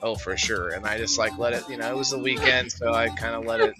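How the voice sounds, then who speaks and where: A man's voice: mid-range voice, level tone, quick pace, music in the background. A man hosting a casual live stream, rambling and joking as he greets viewers by name. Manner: rambling, jokey, addresses chat viewers by name. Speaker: livestream host.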